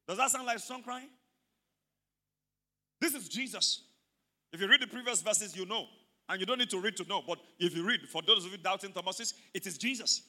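Fiery high-voiced preacher man. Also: fairly quick, long pauses. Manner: fervent, often shouting, exhorting the congregation. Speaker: pastor. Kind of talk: sermon with call-and-response. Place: church service.

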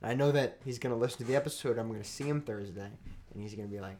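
A man's voice: mid-range voice, very fast, a little mellow, a little hiss or hum. A man co-hosting a podcast in casual chat, telling a rambling, joking story. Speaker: podcast co-host.

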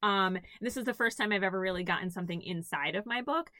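A woman in her thirties co-hosting a book podcast, chatty and quick to laugh. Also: medium pitch, pushed and bright, no echo, clean studio sound. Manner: chatty, laughs easily, fillers like "like". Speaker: podcast co-host. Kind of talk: casual book chat.

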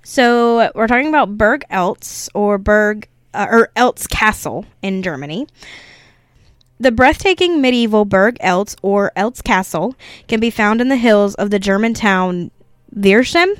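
A woman's voice: mid-range voice, expressive, a little slow, smooth, dry recording, studio quality. A woman co-hosting a casual podcast, reading a ghost story from her notes and chatting along with her co-host. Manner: reads notes, chats and laughs along.

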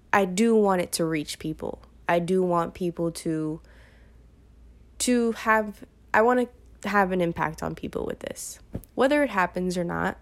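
A young woman of nineteen from Brooklyn, speaking in a fairly low voice. She rambles through a casual solo podcast with plenty of ums and self-corrections, sounding unplanned and off the cuff. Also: vocal fry. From Brooklyn, New York. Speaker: podcast host.

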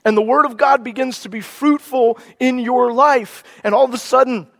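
A man's voice: extremely high pitch, steady tone, normal speed, gravelly. A male pastor preaching a sermon with growing passion, often repeating and restarting his phrases. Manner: impassioned preaching with rising emphasis.

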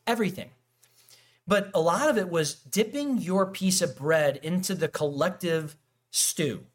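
Guy preaching, kinda high voice, loose and chatty, acts out little scenes. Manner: animated, acts out quoted dialogue, frequent restarts and fillers. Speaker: pastor. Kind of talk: casual conversational sermon.

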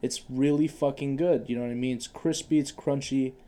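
A man's voice: mid-range voice, fairly even intonation, brisk, dark tone. A young man co-hosting a casual podcast chat, laughing often, swearing a lot and stumbling on repeated k- sounds. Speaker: podcast co-host.

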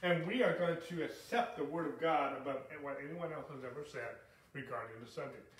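A male preacher delivers an emphatic sermon in a fairly high voice. He often pauses to check in with his listeners and repeats points to drive them home. The sound is roomy and echoey, with the voice set back from the microphone. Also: recorded from a distance.

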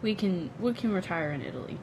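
A young woman co-hosting a podcast in casual chat, playful and giggly, often trailing off into soft mumbles. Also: medium pitch, lively intonation, quick pace, slight background noise. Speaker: podcast co-host.

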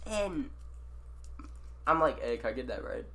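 A man telling a story in casual chat with friends, animated, swearing and acting out quotes. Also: medium pitch, measured pace.

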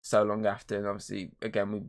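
Fast-talking, swearing podcast co-host man. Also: fairly low pitch, monotone. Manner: rambling, swears a lot, acts out scenes in voices. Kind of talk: casual chat.

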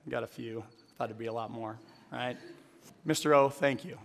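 A man's voice: medium pitch, normal speed, creaky. A man preaching in church, telling a story and asking the congregation questions. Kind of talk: sermon with storytelling. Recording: echoey hall.

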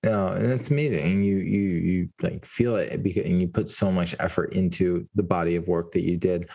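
A man's voice: low-pitched, steady tone, brisk, gravelly, dark tone, breathy edge. A man hosting an interview, reflective and affirming, talking in long rambling turns. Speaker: podcast host. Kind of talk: podcast interview.

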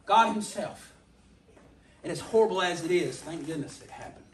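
A man preaching a sermon in a casual, joking way that builds to forceful emphasis, with big swings between loud and very quiet. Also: sits high, animated, moderate pace, slight background noise. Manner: conversational and humorous, rising to forceful emphasis. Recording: echoey room, voice from a distance.

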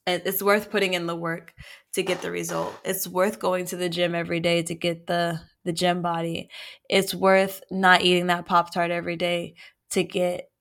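A woman co-hosting a podcast in casual chat, measured and reflective, drawing out her phrases. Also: fairly low pitch, little pitch movement, gravelly, a bit bright. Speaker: podcast co-host.

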